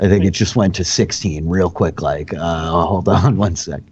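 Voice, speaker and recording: A man's voice: deep voice, measured pace, a little mellow, lo-fi sound. A man narrating a tabletop game as dungeon master, talking loosely with lots of "like" and fillers.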